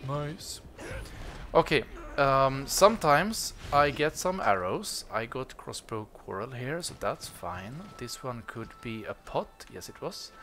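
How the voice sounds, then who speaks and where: A man's voice: mid-range voice, slow pace, background noise. A man hosting a let's-play, chatting casually with lots of fillers as he plays through a game. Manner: chatty, relaxed, many fillers. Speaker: gaming channel host.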